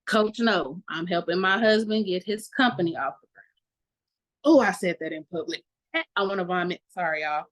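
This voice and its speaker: Over a rough video-call recording from home, a woman with a lowish voice speaks at a moderate pace. She's a meeting participant giving candid testimony in an online meeting, blunt and profane, and laughing often.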